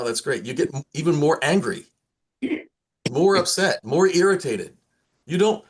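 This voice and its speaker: Male priest, mid-pitched, teaching a Bible study off the cuff, restarts and repeats, acts out quotes. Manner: conversational, repeats himself with many restarts.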